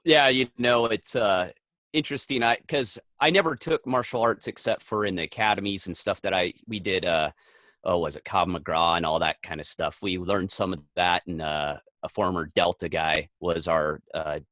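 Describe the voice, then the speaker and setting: A man's voice: low voice, fairly even intonation, normal speed, fairly bright tone, no echo. A man with a mid-range voice co-hosting a casual podcast, telling folksy stories with wry jokes. He sounds teasing and down-to-earth. The sound is dry and close. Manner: wry, joking, folksy storyteller. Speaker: podcast co-host. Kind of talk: casual chat, storytelling.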